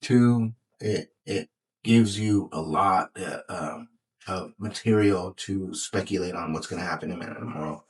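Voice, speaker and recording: A man's voice: low-pitched, measured pace, breathy edge, poor audio. A man co-hosting a podcast in casual chat, rambling with lots of fillers and restarts and swearing freely. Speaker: podcast co-host.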